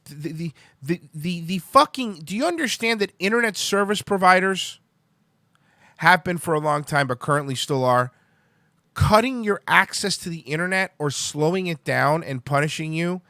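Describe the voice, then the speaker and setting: Young male host, high voice, heated profane ranting, dry close sound. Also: a bit bright, no echo. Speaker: podcast host. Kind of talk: ranting live-stream talk.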